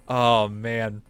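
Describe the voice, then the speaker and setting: Recorded dry, a man with a mid-range voice co-hosts a gameplay video, chatting casually as he plays. He rambles, laughs a lot, and swears without holding back.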